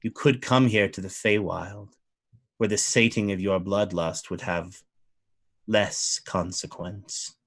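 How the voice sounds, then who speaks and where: A man voicing a cold, imperious fey lord who speaks slowly in formal, archaic phrasing. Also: lowish voice, fairly even intonation, voice pushed down. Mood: coldly formal.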